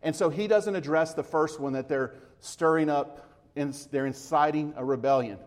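Male preacher, slightly raised pitch, chatty sermon delivery that acts out the dialogue. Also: normal speed. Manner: conversational, explaining scripture with everyday comparisons; retells dialogue, acting out the speakers.

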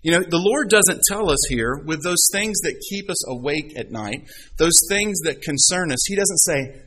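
Bright-voiced male pastor preaching. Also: a little high, expressive, moderate pace, husky, rough recording. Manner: conversational, playfully acts out quoted voices. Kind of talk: sermon.

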